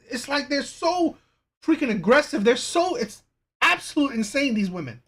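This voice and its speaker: Host, woman, high and lively voice, exasperated reaction commentary. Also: normal speed. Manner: exasperated, critical, with many false starts.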